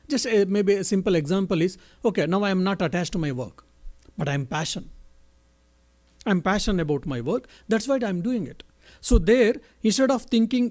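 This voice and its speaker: A man, a monk answering a question in a spiritual talk, halting and correcting himself as he tells stories. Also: high voice. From India. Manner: halting, self-correcting, gentle storytelling.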